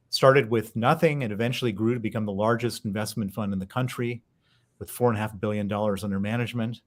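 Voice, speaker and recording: A man in his fifties with an American accent, a guest telling his story fluently in an interview. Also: on the low side. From United States. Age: 50s. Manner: fluent storyteller with some restarts. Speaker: guest, author and investor.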